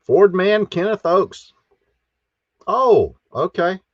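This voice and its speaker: Folksy greetings go out to each viewer as a man hosts his live stream in a voice that sits a little high. His intonation is lively and his pace slow, with dry, slightly dull, echo-free audio from what sounds like a lo-fi home setup.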